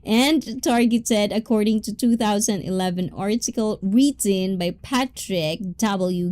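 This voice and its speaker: A woman's voice: medium pitch, dark tone. A young woman hosting a casual livestream, chatting, laughing often and reading viewers' comments aloud. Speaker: livestream host reading chat.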